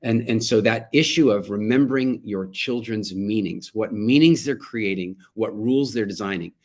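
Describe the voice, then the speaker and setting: A man's voice: on the low side, moderate pace, a little mellow. A middle-aged man speaking to parents, telling a family story and acting out the quotes. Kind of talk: talk to parents.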